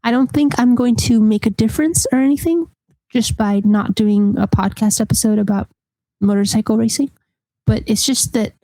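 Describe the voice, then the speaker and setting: A woman with an American accent, co-hosting a casual podcast and speaking in an earnest, deliberate way. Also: mid-range voice, mellow, no echo, rough recording. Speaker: podcast co-host.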